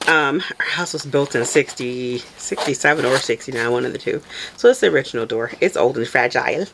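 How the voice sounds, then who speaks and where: A woman chatting casually while packing orders, telling stories in an animated way and laughing often. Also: extremely low pitch, brisk, background noise. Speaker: soap maker vlogger.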